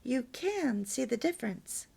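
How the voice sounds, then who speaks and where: A woman voicing an affectionate wife who asks her husband for things gently. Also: fairly high pitch, very animated, measured pace, gravelly, breathy edge, heavily acted. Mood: sweet. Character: sweet, affectionate young wife speaking gently.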